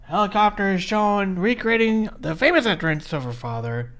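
A man's voice: sits high, expressive, fairly bright tone. A man co-hosting a casual podcast, recapping a wrestling match in a blunt play-by-play way. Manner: blunt, rapid play-by-play narration. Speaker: podcast co-host.

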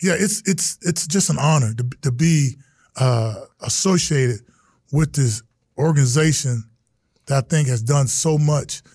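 A middle-aged man, a guest in an interview, telling stories in a lively way and acting out the quotes. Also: mid-range voice, a little slow, no room sound, studio quality. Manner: animated storyteller, acts out quotes, exclamations. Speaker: interview guest, retired football player. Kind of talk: casual interview storytelling.

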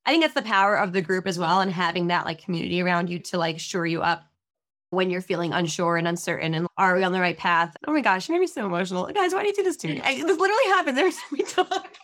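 A woman's voice: fairly low pitch, animated, quick pace, fairly bright tone. A woman business coach hosting a casual podcast interview over a video call, effusive and emotional, rambling a little.

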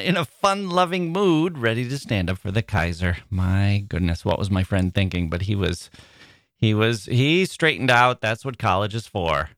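A man's voice: fairly low pitch, a bit bright, no echo. A man hosting a literary podcast in a playful, jokey manner, telling stories and chuckling at them, recorded in a studio. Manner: jokey storyteller who chuckles at his own stories. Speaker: podcast host.

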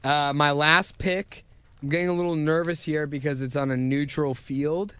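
A man with a slightly higher voice co-hosts a sports podcast and talks through his picks in a relaxed, chatty way. The recording is close and dry. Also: moderate pace, clean tone, no echo. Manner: easygoing, chatty. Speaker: podcast co-host. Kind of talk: casual sports betting chat.

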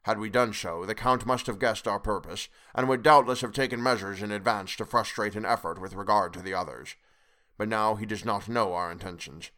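In this audiobook reading, a man plays a wise, patient old professor explaining his plan in a deliberate, lecturing manner. The delivery is low, unhurried and measured, every word weighed, though the voice sounds pushed and bright.

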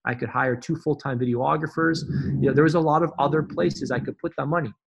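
A man's voice: on the high side, fairly even intonation, fast talker, gravelly, husky. A man guesting on a podcast as a fitness business coach, talking in an emphatic, motivational way and repeating phrases for effect. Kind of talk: conversational interview.

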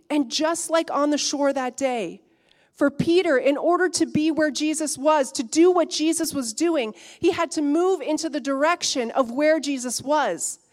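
Higher-voiced woman preaching a sermon. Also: moderate pace. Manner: preaching with swings from hushed to emphatic. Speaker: pastor.

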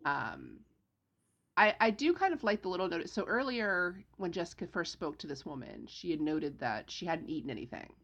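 Low, gravelly woman recapping a book. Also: normal speed, lo-fi sound. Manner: animated retelling with voiced quotes of characters. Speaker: podcast co-host recapping a novel. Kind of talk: casual book discussion chat.

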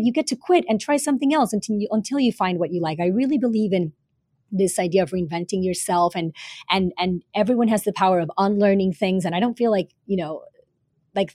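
Woman guest, former teacher, earnest and rambling, middle pitch, dry close mic. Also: darkish tone, no room sound. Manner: earnest, many fillers and repeated words. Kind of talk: casual interview talk.

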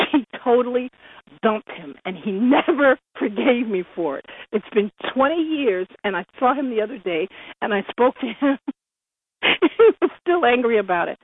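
A woman's voice: on the high side, animated, moderate pace, background noise. A woman in her thirties calling in to a radio show, telling a personal story with animation and frequent laughter. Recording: tinny phone line.

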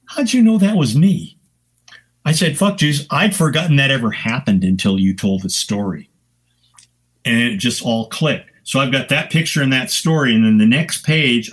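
An older man, a photographer on a podcast, telling sports stories casually with lively, profane energy, acting out the people he quotes. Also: medium pitch. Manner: animated anecdotes with profanity, acting out quoted voices. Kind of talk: casual storytelling.

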